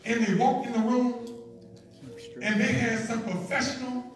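A male pastor preaching a sermon, building to shouted, chanted peaks and calling on the congregation to respond. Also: very high voice, steady tone, normal speed, far from the mic. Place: church sanctuary. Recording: echoey church hall miked from afar.

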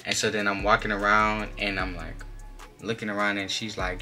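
A young man telling a personal story in a casual storytime vlog, animated and slangy, filling his speech with "like". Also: on the low side, fairly quick, soft background music. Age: young adult. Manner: animated, slangy, many filler "like"s. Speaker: vlogger.

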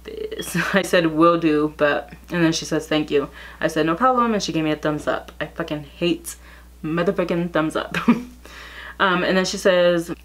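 A young woman telling a gossip story in a casual vlog, reading out text messages in a blunt, profane way. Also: fairly low pitch.

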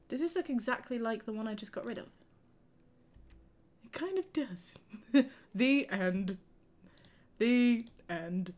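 A woman co-hosting a game stream, chatting casually and telling an animated story with frequent laughter. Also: on the high side, unhurried, long pauses. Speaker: gaming streamer co-host. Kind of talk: casual chat while playing.

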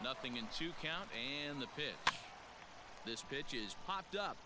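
A man voicing a play-by-play announcer in a baseball video game, calling the action in a steady commentary style. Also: mid-range voice, measured pace. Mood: calm. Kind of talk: sports commentary. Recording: game audio with stadium crowd. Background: stadium crowd noise.

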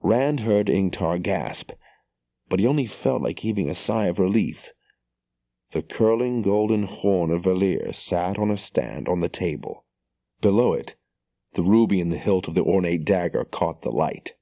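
A man narrating an audiobook in a measured, steady storytelling manner. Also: sits low, vocal fry, no echo, clean studio sound.

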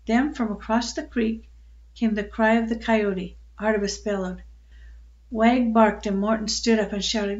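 An older woman reads a children's book aloud in a calm, unhurried storyteller's way, with the odd small slip. Her voice sits slightly high, and the recording is dull and lo-fi.

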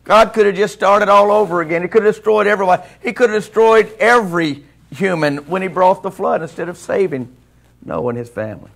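A man's voice: sits high, fairly quick, creaky, a bit bright. A man preaching a sermon in a church, in a conversational way that keeps asking the congregation questions. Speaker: pastor. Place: church sanctuary.

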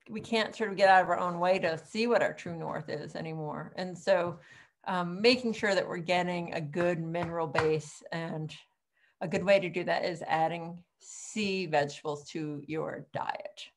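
Chatty woman teaching a cooking class. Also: lowish voice. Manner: chatty and rambling, many ums and laughs. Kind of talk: live online cooking class.

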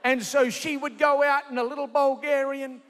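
A man preaching a sermon live in a large convention centre, energetic and jokey, calling out to the crowd. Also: extremely high pitch, moderate pace. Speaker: pastor. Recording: echoey convention hall.

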